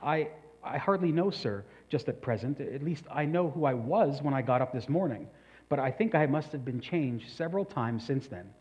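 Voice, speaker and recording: A man's voice: mid-range voice, lively intonation, moderate pace, a little mellow, natural voice. A man reading the lines of a shy, polite young girl from a storybook, on a dull recording.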